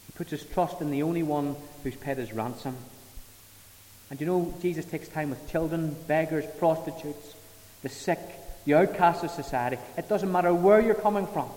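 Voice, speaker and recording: A man preaching a sermon, emphatic, swelling to loud peaks and falling back soft. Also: fairly high pitch, moderate pace. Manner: emphatic, rising to loud dramatic peaks, then dropping soft. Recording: reverberant hall.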